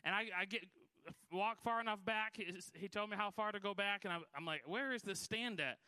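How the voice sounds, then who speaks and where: Bright, high-voiced preacher man. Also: fairly quick, clean tone, no echo. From Michigan, USA. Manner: folksy, self-deprecating storytelling with frequent restarts. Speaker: guest preacher. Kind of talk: Pentecostal sermon with personal story.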